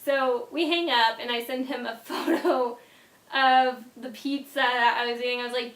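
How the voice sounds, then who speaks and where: High-voiced chatty young woman. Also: normal speed, reverberant. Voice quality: animated, trails off into quiet asides. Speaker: vlogger. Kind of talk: casual storytime.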